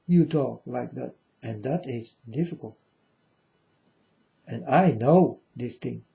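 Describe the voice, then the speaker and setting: Slow, gravelly-voiced man in a monologue. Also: medium pitch, warm tone, dull audio. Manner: rambling, profane, with frequent "you know"; non-native English grammar. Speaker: self-styled spiritual speaker. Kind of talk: casual spoken monologue.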